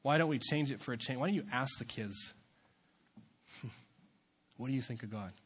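A young man preaching as a youth pastor, dropping into quiet asides and then building to loud, fervent exhortation. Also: medium pitch, moderate pace, a little hiss or hum. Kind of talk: sermon.

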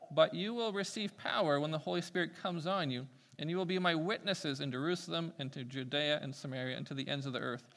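A man preaching a sermon, swinging between loud emphatic peaks and quiet asides. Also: a little high.

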